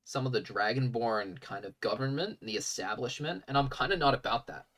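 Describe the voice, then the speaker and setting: A man's voice: mid-range voice, lively intonation, brisk, fairly bright tone, recorded from a distance. A man voicing a laid-back, chummy male tabaxi merchant who talks in a breezy, surfer-like way.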